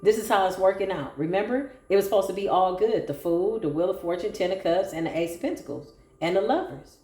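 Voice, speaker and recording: A woman's voice: medium pitch, animated, fairly quick, warm tone. A woman giving a solo tarot reading, sassy, sarcastic and preachy. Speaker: tarot reader. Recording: echoey room with faint music.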